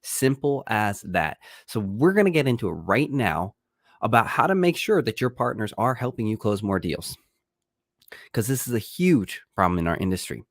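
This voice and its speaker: A man's voice: fairly low pitch, sing-song, normal speed, no room sound, studio quality. A man who is a real estate agent and coach, slightly sick, talking to camera in an upbeat, emphatic way with an American accent. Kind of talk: energetic vlog talk to camera.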